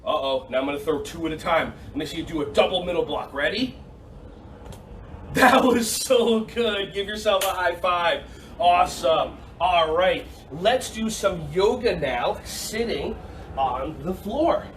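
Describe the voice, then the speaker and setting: A man leading a kids' yoga and karate class, cheerful and encouraging, repeating his praise and sometimes bursting into shouts. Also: on the high side, normal speed, recorded from a distance, slight background noise. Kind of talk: upbeat kids' class instruction. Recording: echoey room, voice off-mic.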